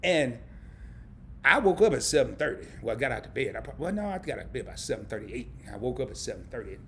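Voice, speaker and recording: A man's voice: medium pitch, very animated, fast talker, fairly bright tone, slight background noise. A middle-aged man from a small town in Arkansas, hosting a live stream and chatting casually in a joking, rambling way. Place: indoors under camera lights.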